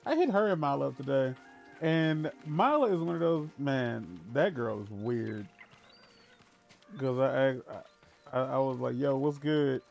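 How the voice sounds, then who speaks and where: A man's voice: mid-range voice, unhurried, gravelly, soft background music. Rambling, laughing male streamer. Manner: rambling, animated, laughs at his own stories; restarts and stammers often. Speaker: gaming streamer. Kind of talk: casual live-stream chat and storytelling.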